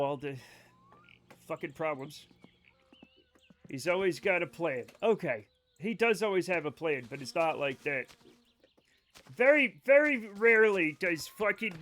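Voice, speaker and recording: High voiced guy streaming a game, swearing a lot and rambling at chat. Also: animated, normal speed, fairly bright tone. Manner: rambling, profane, joking asides to chat. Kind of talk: casual live-stream chat with viewers.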